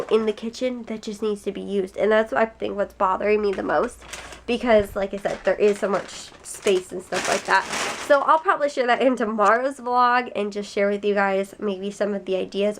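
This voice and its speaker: A young woman chats to her vlog audience in a loose, rambling way, leaning on fillers and trailing phrases. A cold has left her nose stuffy. Her pitch sits in an ordinary middle range. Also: a little fast, a little hiss or hum. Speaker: vlogger. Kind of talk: casual vlog chat to camera.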